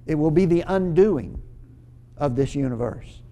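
A man's voice: a little high, expressive, unhurried, mellow. A man preaching a sermon, explaining scripture earnestly with emphatic repeated phrases and occasional stumbles and restarts.

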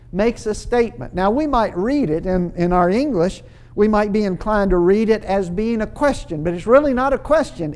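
A man's voice: sits high, a little mellow. A man preaching a sermon, explaining scripture earnestly with emphatic repeated phrases and occasional stumbles and restarts.

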